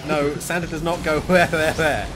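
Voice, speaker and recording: A man's voice: fairly high pitch, normal speed. A man teasing and cheering with friends over a gaming session. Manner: teasing, excitable, shouts of protest. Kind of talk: casual joking chat while gaming. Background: game music.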